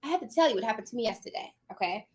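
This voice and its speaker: A woman's voice: a little high, expressive, very fast, a little mellow. A woman hosting a casual live stream and coaching her audience. She is hyper and playful, calls everyone darling, and slips into a playful posh put-on accent. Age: adult with children. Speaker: host and notary business coach.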